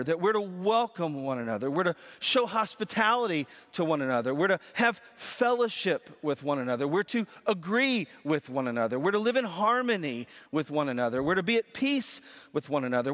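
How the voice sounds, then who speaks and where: A man's voice: sits high, fairly bright tone. A man preaching a sermon as pastor, in a conversational way, often repeating words as he starts a phrase. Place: church sanctuary. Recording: long reverb of a church hall.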